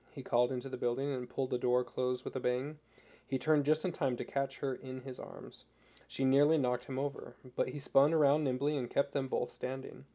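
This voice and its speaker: Male narrator, mellow voice, steady storytelling, scripted audiobook read. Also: mid-range voice.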